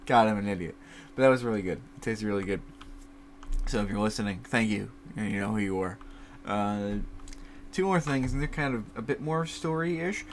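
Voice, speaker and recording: A slightly low-voiced young man in his twenties chats on his own, rambling, laughing often and swearing in passing. He talks into a desk mic set up by his computer at home, with a faint hiss behind him. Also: normal speed. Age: 20s. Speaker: podcast host. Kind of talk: casual solo chat. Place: home recording setup by a computer. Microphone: desk mic set higher, farther from computer.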